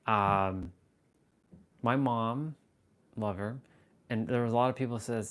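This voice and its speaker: A man hosting a casual livestream, talking to his viewers in a rambling, self-amused way, sometimes slowing into a hushed, intense delivery, into a camera on a tripod at eye level. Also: fairly low pitch. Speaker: livestream host.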